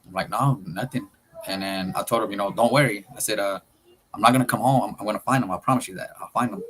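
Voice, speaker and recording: Low-voiced man telling a story. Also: fairly bright tone, slight background noise. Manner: loose, streetwise, swears and acts out quotes. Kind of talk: casual storytelling.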